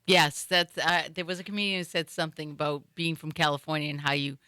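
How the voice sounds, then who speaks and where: Boston woman, guest on a talk show, animated storyteller, bright tone. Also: sits low, clear, resonant tone, dry recording, studio quality. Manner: animated storyteller, acts out others in quick quoted voices. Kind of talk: casual chat. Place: studio.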